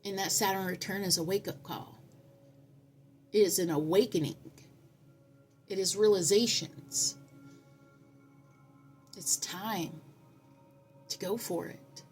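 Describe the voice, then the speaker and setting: A woman's voice: mid-range voice, soft background music. Earnest woman giving a spiritual tarot reading. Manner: earnest, preachy, speaks in repeated affirmations; tells stories with drawn-out, dramatic pauses. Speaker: tarot reader.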